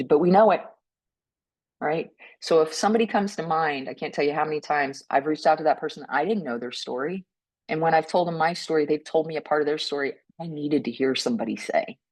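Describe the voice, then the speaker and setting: A woman speaking on a panel about mental health, gentle and earnest, often tagging her points with a questioning "right?" and restarting her words. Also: low-pitched, rough recording. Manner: frequent restarts and repeated words. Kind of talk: reflective panel talk.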